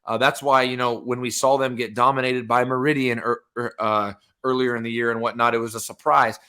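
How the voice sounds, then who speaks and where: A man co-hosting a sports podcast talks through the games in an excited, casual way. His voice sits at an ordinary pitch but sounds bright and forceful, with a clear edge on every phrase. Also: brisk. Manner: excited game-by-game breakdown. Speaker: podcast co-host.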